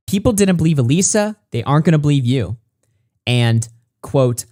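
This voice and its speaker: A man reading a written statement aloud in a measured way, with occasional stumbles and brief asides. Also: fairly high pitch, animated, a little mellow, no room sound, studio quality. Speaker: commentary YouTuber.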